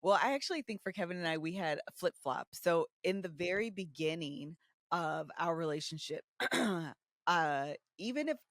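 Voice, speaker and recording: A woman in her thirties, co-hosting a podcast and telling candid stories about her own marriage, animated and casual, acting out the voices she quotes. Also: lowish voice, normal speed, no echo, studio quality. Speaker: podcast co-host. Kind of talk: candid conversational storytelling.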